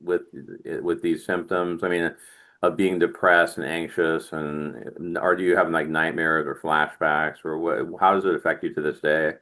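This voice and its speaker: A man hosting an interview, asking his questions in a halting way with frequent restarts. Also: rumbling low, level tone, a bit bright. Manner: halting, many restarts and fillers. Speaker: podcast host. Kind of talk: interview conversation.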